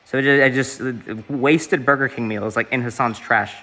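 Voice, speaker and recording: A man's voice: medium pitch, fairly even intonation, moderate pace, pushed and bright. A young man from the Southeast US, streaming and chatting casually in a rambling way, with lots of fillers and swearing.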